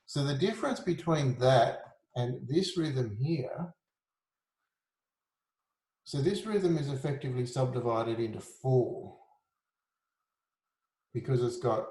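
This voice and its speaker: A man's voice: mid-range voice, measured pace, pauses often. Self-deprecating male music teacher, echoey room. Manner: relaxed, self-deprecating, sings rhythms on "da". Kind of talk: informal music lesson.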